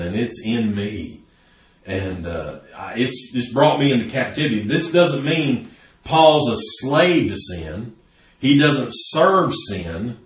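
A man's voice: medium pitch, echoey room, far from the mic. A man preaching a sermon earnestly, building to emphatic peaks. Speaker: pastor.

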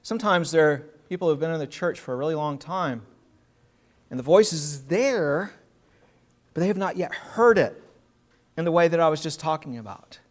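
High-voiced earnest male preacher. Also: lively intonation, normal speed, long pauses. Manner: earnest, emphatic, stretches key words, repeats words when restarting. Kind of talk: sermon.

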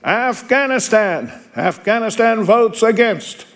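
A man putting on a loud formal roll-call official. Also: sits high, expressive, takes it slowly, voice pushed up, full character voice. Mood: formal announcing.

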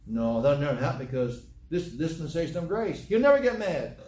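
A man's voice: on the high side, big pitch swings, fairly quick, dark tone, echoey room, low-quality recording. A man preaching a sermon as pastor, talking conversationally and teasing his congregation with questions.

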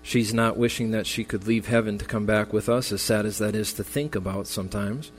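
In a church sanctuary, a pastor preaches a memorial sermon in a fairly low, steady, brisk voice, earnest and consoling as his intensity builds. The recording has long reverb and faint music.

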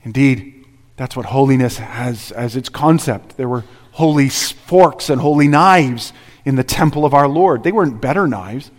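A man's voice: mid-range voice, moderate pace. Man preaching a sermon in an echoing hall. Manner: earnest, rhetorical questions and repetition. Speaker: pastor. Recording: reverberant hall.

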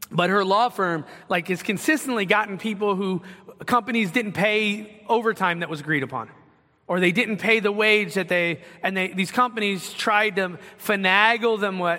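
A male pastor preaching with emphasis and rhetorical questions. His voice sits high and sounds bright and forceful. A long hall reverb trails each phrase. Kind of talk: sermon.

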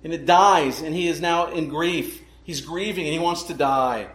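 A man's voice: on the high side, normal speed, fairly bright tone, reverberant. A man preaching a sermon, emphatic and full of rhetorical questions to the congregation. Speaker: pastor.

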